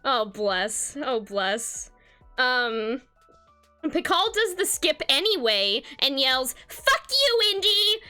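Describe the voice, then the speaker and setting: A woman's voice: high voice, expressive, slow pace, sharp tone, clean tone, faint music behind. A woman streamer reading fan fiction aloud, laughing often and gushing with praise. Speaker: streamer host.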